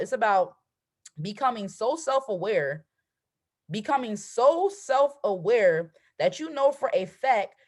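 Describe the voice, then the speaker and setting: A woman in her twenties, a trading coach hosting a motivational live stream over a video call, talking emphatically and asking "right?" at every turn. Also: mid-range voice. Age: 20s.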